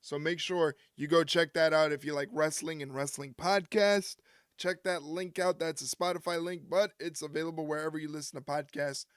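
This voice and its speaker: A man's voice: on the high side, steady tone, moderate pace, clear, resonant tone, dry recording, studio quality. A man hosting a wrestling watch-along stream, chatting casually and teasing a friend. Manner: joking, teasing a co-viewer. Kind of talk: casual live-stream commentary.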